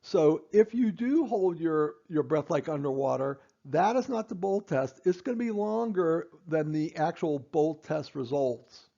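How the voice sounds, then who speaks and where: Man, clinician-teacher, gravelly, mellow tone, dull lo-fi recording, stresses points over and over. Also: a little high, expressive, a little slow, few pauses. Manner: repeats and stresses key points, with fillers and restarts. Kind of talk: instructional explanation.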